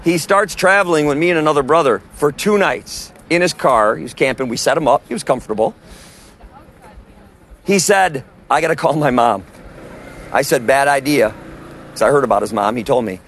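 A street preacher with a medium-pitched, slightly bright voice speaks at a moderate pace, with slight background noise. Preaching outdoors, he tells stories emphatically and acts out other people's dialogue.

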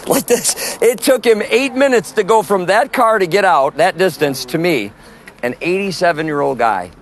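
A man preaching outdoors on the street, his voice sitting a little high. He drives each point home with emphasis and keeps firing questions at the people around him. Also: expressive, moderate pace, a little hiss or hum. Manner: emphatic, forceful, quizzes listeners with questions.

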